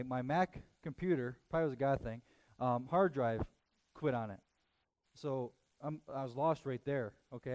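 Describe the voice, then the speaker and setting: A man in his thirties, a pastor telling a self-mocking story in a sermon, full of quick asides. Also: on the high side, darkish tone.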